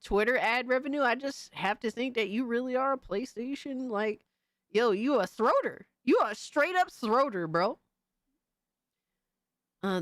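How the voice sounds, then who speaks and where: A woman streamer giving casual commentary, animated and mocking, swearing freely. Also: fairly low pitch, no room sound, studio quality.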